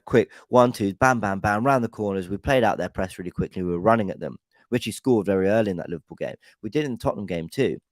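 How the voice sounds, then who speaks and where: A young man hosts a live fan chat before a match, rambling and eager as he reads out viewer comments. His voice sits a little low. The sound is dry and close, with no room around it. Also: darkish tone, no echo. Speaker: fan channel host.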